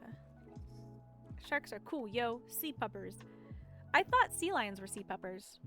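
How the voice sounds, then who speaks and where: Giggly chatty streamer lady, bit high pitched, faint music behind. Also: big pitch swings, unhurried, fairly bright tone. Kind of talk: casual chat while gaming.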